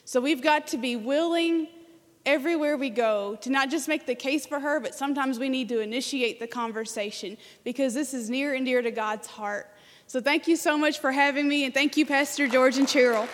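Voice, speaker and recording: A woman's voice: high voice, normal speed. A woman from Arkansas, a guest speaker in a church, telling an earnest story and leading prayer. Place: church sanctuary. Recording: church hall reverb.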